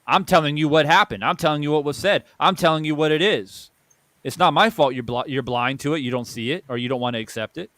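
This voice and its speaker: A man's voice: fairly high pitch, quick pace, fairly bright tone, dry recording. Man ranting in a dry close voice. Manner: ranting, emphatic, repeats phrases for stress. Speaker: boxing channel host. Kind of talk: heated opinion monologue.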